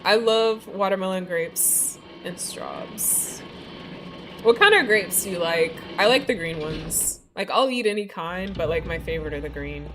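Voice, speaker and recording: A female livestream gamer with a lowish voice talks at a measured pace over background noise. She chats casually, dropping "like" and "you know" frequently, her speech a little slurred by a bitten tongue.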